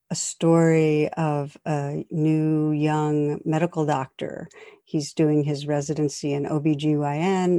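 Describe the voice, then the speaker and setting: A woman giving a dharma talk as a meditation teacher, gentle and conversational with light humor. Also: low-pitched, dry recording, studio quality.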